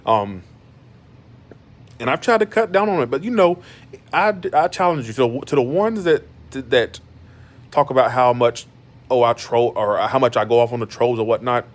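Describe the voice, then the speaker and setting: Man, 30s, from Georgia, casual and blunt streamer, mid-pitched. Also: moderate pace, pauses often. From Georgia, USA. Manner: blunt, animated and defensive, with many restarts. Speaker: YouTuber. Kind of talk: casual monologue on a live stream. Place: in bed at home.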